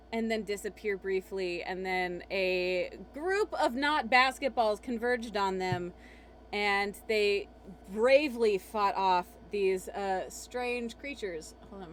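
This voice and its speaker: A woman acting as game master, narrating a tabletop game in a soft ASMR style, chatty and full of fillers. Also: fairly high pitch, slight background noise. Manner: rambling, chatty, lots of fillers. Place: home streaming setup.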